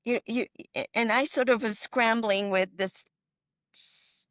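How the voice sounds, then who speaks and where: A middle-aged woman physician telling stories in a podcast interview, animated and emphatic, often checking in with her listener. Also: on the high side, measured pace, no echo, clean studio sound. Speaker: physician guest.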